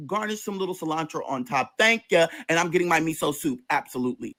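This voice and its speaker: Brief: animated, foul-mouthed man telling a storytime, fairly high voice. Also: fast talker. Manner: animated, profane, sassy. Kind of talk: casual storytime.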